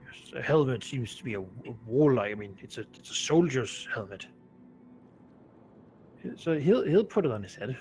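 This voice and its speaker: A man playing a tabletop game in a relaxed way, often trailing off mid-sentence. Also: mid-range voice, normal speed, faint music behind. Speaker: player. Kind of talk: casual tabletop play.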